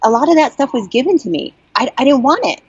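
A woman's voice: high voice, sing-song, fast, breathy edge, no echo, dull audio. A woman around forty at a camp, telling a personal story in an earnest, heartfelt way that halts and restarts often. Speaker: interviewee sharing a personal story.

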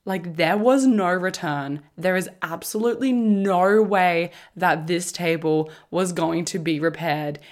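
A woman, telling a story on her podcast in a casual, animated way, swearing freely and laughing as she goes. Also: fairly low pitch, a little slow, few pauses. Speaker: podcast host.

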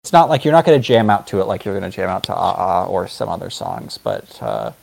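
A man's voice: low-pitched, animated, fast talker, creaky, darkish tone. A man appearing as a podcast guest, chatting casually and hesitantly with many fillers. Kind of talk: casual chat.

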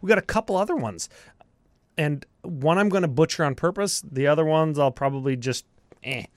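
Lively-pitched man joking on a podcast. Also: a little fast, no echo. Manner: joking, crude banter with laughs. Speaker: podcast co-host. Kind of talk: casual podcast chat.

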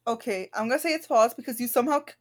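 A woman's voice: a little high, very fast. A woman co-hosting a podcast, guessing quiz answers in casual chat, playful and joking with frequent laughter.

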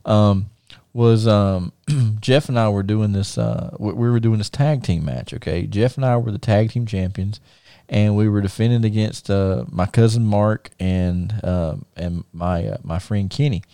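A man's voice: fairly low pitch, unhurried, mellow, clear, resonant tone, dry recording, clean studio sound. A man hosting a podcast, casually telling rambling stories with frequent laughter and restarts. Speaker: podcast host and wrestler. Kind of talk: casual storytelling chat.

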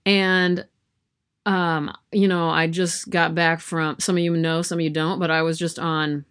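A woman's voice: on the low side, flat delivery, measured pace, a bit bright, smooth. A woman chatting casually to camera from her yarn room at home, rambling and self-deprecating with lots of fillers. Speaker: vlogger.

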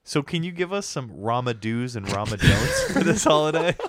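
A man's voice: medium pitch, wildly swooping pitch, normal speed, a bit bright, a little hiss or hum. A man hosting a podcast in casual chat, joking around, swearing and laughing often. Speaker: podcast host.

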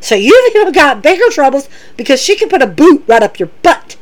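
A woman with a high voice that swoops up and down, recapping wrestling shows. She talks in an excitable, animated way and retells the quoted lines as she goes. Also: a little fast, poor audio. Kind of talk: casual recap commentary.

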